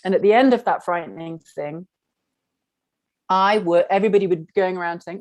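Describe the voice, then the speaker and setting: A woman's voice: mid-range voice, fairly quick, darkish tone, no echo. A middle-aged woman teaching an online class, telling a personal story frankly and rambling, full of "like". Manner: frank, rambling, heavy use of "like". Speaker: spiritual workshop teacher.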